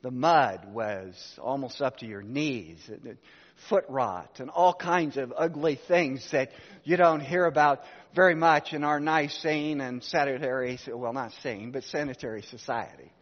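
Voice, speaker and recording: In a sermon captured with dull audio and long hall reverb, a pastor in his sixties tells of his family and throws rhetorical questions to the congregation. He talks at medium pitch, a little slowly.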